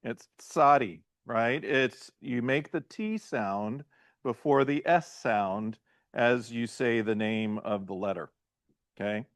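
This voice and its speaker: A man in a classroom lesson, speaking slowly and patiently at a middle pitch. He quizzes his students and keeps checking in with them, and the sound is dry and close. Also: no echo. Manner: quizzes students, often checks with "right?" and "okay?". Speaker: pastor teaching a Hebrew class.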